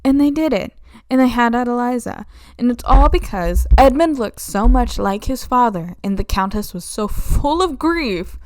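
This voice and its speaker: A woman's voice: fairly high pitch, lively intonation, moderate pace, a little mellow, no room sound, studio quality. A young woman recapping a play's plot in a flippant, sarcastic, casual way. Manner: flippant, sarcastic, slipping into mock voices. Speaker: video essayist.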